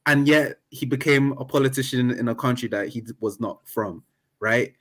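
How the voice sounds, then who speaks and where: A man's voice: mid-range voice, moderate pace. Talkative man guest. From Nigerian background. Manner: animated and talkative, jokes and laughs. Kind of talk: casual interview chat.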